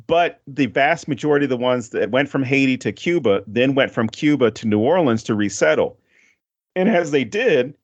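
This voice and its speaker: A man from Louisiana chatting casually as a podcast guest, rambling and swearing easily, with frequent restarts. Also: mid-range voice. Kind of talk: casual chat. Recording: dull lo-fi podcast audio.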